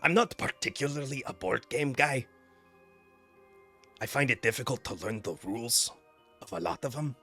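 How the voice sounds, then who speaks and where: A man voicing a laid-back male dragonborn warrior who speaks low, quiet and deadpan. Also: moderate pace, gravelly, pauses often, faint music behind, full character voice.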